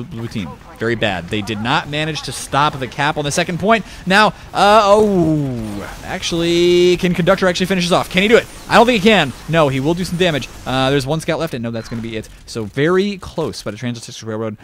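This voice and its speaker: A young man calls a competitive online match alone, in a loose, joking play-by-play that talks straight to the viewer. His voice sits at a middle pitch and leaps upward when a big play lands. A faint hiss runs under the home mic. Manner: chatty, jokey, talks to the viewer, excited jumps in pitch on big plays. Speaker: shoutcaster. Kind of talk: esports play-by-play commentary.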